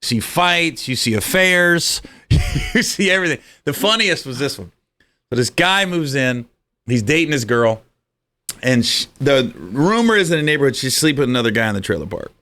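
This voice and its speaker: A man's voice: mid-range voice, sing-song, moderate pace, sharp tone. A man, a comedian guest, telling comic stories in conversation and laughing through them.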